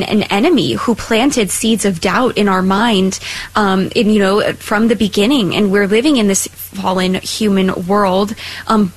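A woman's voice: mid-range voice, poor audio. A woman co-hosting a conversational faith show, speaking reflectively with many "you know"s and "um"s. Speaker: co-host.

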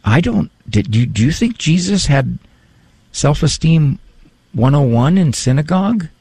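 Animated gravelly man with lively pitch. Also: unhurried, no room sound. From Italian heritage. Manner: animated, mimics voices for humor. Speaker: psychologist. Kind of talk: casual talk on parenting and faith.

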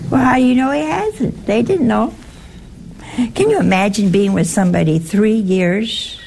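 Slow, gravelly woman teaching scripture. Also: fairly low pitch, darkish tone, a little hiss or hum. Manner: chatty, asks the audience questions, teasing humor. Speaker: Bible study teacher. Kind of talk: informal scripture talk to a group.

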